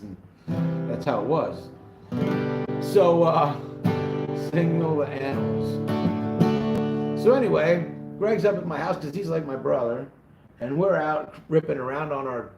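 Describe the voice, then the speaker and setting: A man's voice: fairly high pitch, moderate pace, vocal fry, long pauses. A man in his forties, a channel host, casually telling a story on a livestream, laughing as he goes and greeting viewers by name. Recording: roomy echo with loud guitar music.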